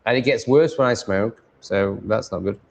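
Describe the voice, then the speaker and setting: A man's voice: on the low side, moderate pace, vocal fry. A man chatting casually on a live stream, mumbling and rambling, swearing freely and reading chat aloud.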